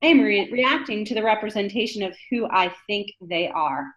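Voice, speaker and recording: With a medium-pitched, slightly bright voice at normal speed, a woman from the northern U.S. teaches a class conversationally and often asks the room "right?" The audio is a dull, lo-fi lecture recording.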